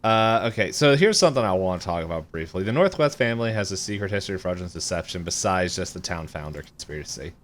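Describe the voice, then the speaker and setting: A man co-hosting a podcast, going through wiki notes in casual chat with frequent ums and pauses. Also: sits low, expressive, fairly bright tone, a little hiss or hum. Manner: hesitant, lots of ums while reading notes. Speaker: podcast co-host.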